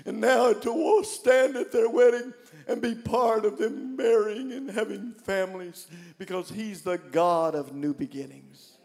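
Older male preacher, fervent shouted refrains, high-pitched, church reverb. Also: measured pace, gravelly. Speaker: pastor. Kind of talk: sermon. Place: church sanctuary.

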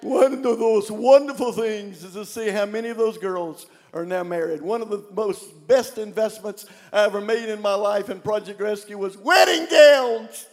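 Older male preacher, fervent shouted refrains, high-pitched, church reverb. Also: moderate pace, few pauses. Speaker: pastor. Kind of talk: sermon. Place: church sanctuary.

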